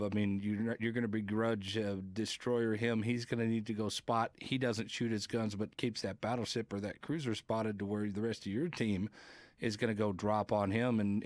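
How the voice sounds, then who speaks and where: A man's voice: on the low side, fairly even intonation, normal speed, dry recording. A man hosting a podcast, rambling through casual gaming talk, reading viewer comments and swearing now and then. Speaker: podcast host.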